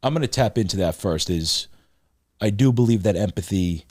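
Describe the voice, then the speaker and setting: Deep-voiced reflective male podcast host. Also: lively intonation, normal speed, darkish tone, dry recording. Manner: reflective, thoughtful phrasing. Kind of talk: casual interview conversation.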